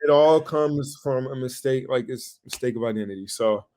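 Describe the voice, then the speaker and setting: A young man co-hosting a podcast, telling a story in casual chat, animated and swearing freely as he acts out what he said back then. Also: mid-range voice, a little fast. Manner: animated, swears a lot, acts out his own past lines. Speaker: podcast co-host.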